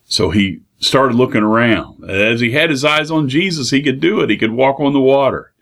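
A man's voice: mid-range voice, expressive, normal speed, vocal fry, fairly bright tone. A man preaching a radio sermon, reading old scripture and retelling it plainly, often repeating himself. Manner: reads King James verses, then retells them plainly with repeats.

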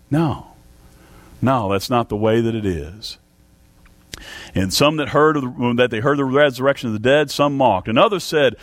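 A man's voice: normal speed, no room sound. Guy preaching a fiery sermon, voice rising and dropping a lot, dry close sound. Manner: fervent preaching with big swings in pitch and loudness. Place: church service.

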